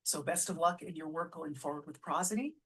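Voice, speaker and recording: A woman who runs a musical theatre company, explaining lyric writing in a casual teaching vlog, patient and often restarting phrases, sounding out example lines slowly. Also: low voice, breathy edge. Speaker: musical theatre artistic director.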